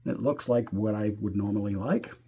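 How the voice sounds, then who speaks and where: A man walking through a guitar setup step by step, talking in a relaxed way while he works and thinking aloud as he goes. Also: fairly low pitch, normal speed, breathy edge. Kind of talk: hands-on tutorial explanation.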